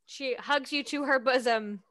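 A woman's voice: high voice, measured pace, fairly bright tone. A woman narrating a tabletop game as its game master, playful and amused.

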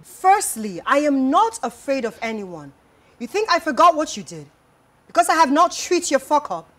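A woman's voice: sits high, sing-song, normal speed. An actress playing a jealous, desperate young woman who fights and pleads. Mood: threatening. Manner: combative and pleading.

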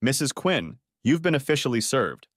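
A man voicing a calm, firm male deputy sheriff in a storybook reading. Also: mid-range voice, no echo, clean studio sound. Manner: measured, firm.

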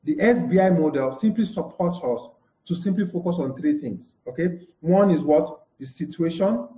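A mellow, fairly high-pitched male voice with lively intonation moves at normal speed. He's a communication trainer giving a live-streamed lesson, saying "okay" often and answering his own questions. A live broadcast mic records him in a dull room with echo.

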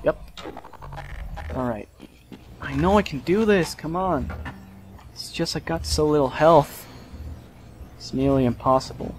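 A man hosting a let's play, commenting live on gameplay with excitable, frustrated outbursts and swearing. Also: a little high, unhurried, pauses often, slight background noise.

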